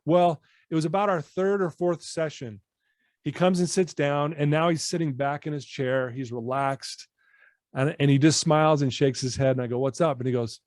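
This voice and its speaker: Fairly high-pitched and fairly quick, a personal development coach tells a story on a podcast from his office at home. He's an animated storyteller who energetically acts out the dialogue, and the recording is dry.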